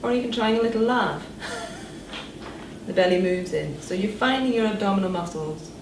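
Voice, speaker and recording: A woman voice therapist calmly guiding listeners through breathing and voice exercises in a slow, instructional manner. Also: medium pitch. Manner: calm, slow instructional guidance. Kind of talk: demonstrating voice exercises. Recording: distant echoey room with background noise.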